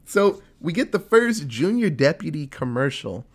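Man, casual chat, episode recap, animated storyteller, lively up-and-down pitch. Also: breathy edge. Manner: animated storytelling with quick voice switches for quoted characters. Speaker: podcast co-host.

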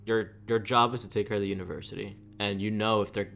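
Blunt young man with a low voice. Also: flat delivery, quick pace, vocal fry, fairly bright tone. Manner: blunt, wisecracking. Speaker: podcast co-host. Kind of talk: casual podcast chat.

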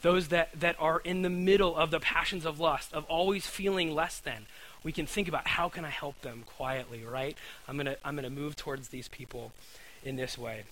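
A man's voice: on the high side, steady tone, normal speed, a bit bright, slight background noise, low-quality recording. A man preaching a conversational sermon, earnest, often repeating words and asking his listeners "right?".

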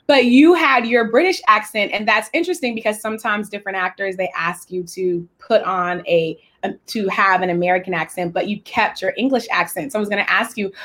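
A woman's voice: mid-range voice, fairly quick, hardly any pauses, a bit bright. A woman interviewer asking questions and giving eager, affirming replies in a casual chat over a video call.

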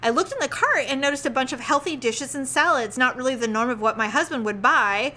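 A woman with a high, bright voice chats casually as a podcast co-host. She tells her stories with animation and breaks into laughter often. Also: brisk. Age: adult with a child, married. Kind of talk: casual chat.

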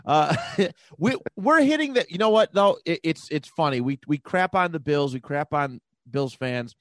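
A man's voice: on the high side, animated, moderate pace, a bit bright, no room sound. Rambling man in casual sports chat. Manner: rambling, loose, laughs often, swears. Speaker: podcast co-host.

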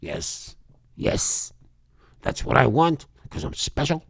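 A man voicing a smug, power-hungry elite ruler who gloats in a low, hushed voice. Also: very animated, slow pace, vocal fry, breathy edge, dry recording, studio quality, exaggerated voice. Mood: gloating.

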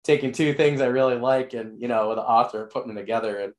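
A man's voice: mid-range voice, quick pace. A man hosting a podcast interview, rambling with lots of fillers, enthusiastic, and losing his voice. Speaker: podcast host. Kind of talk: casual interview wrap-up.

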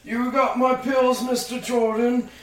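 A man playing a drowsy, rambling old grandfather who talks slowly and mumbles, heard from a distance in a roomy space. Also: extremely high pitch, flat delivery, pitched above the performer's own voice. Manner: slow, dozy, mumbling. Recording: roomy, distant, light noise.

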